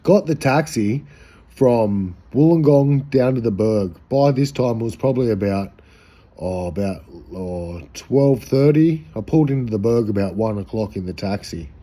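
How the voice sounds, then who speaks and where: A man's voice: fairly low pitch, normal speed, mellow. An Australian man telling a rambling, slangy, profane anecdote in a casual way. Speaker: storyteller.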